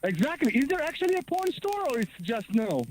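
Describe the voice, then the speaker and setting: A man's voice: very high voice, sing-song, brisk, a little hiss or hum, rough recording. A man with an Israeli accent calling in from the street to a radio show he co-hosts, stammering and repeating words in casual banter. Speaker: regular co-host calling in. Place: outdoors on a street.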